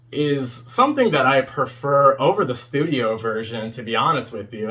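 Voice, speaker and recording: A young man in his twenties speaks with a bright, forward voice at a middle pitch. He talks casually and rambles, filling his review with ums, you-knows and small chuckles. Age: 20s. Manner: rambling, heavy with fillers and chuckles. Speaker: fan video host reviewing a concert performance.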